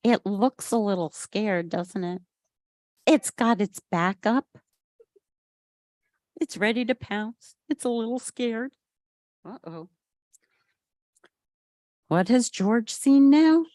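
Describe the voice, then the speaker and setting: A woman reading a picture book aloud at a family service and asking the children questions in an animated way. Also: a little high, slow pace, long pauses, no room sound, studio quality.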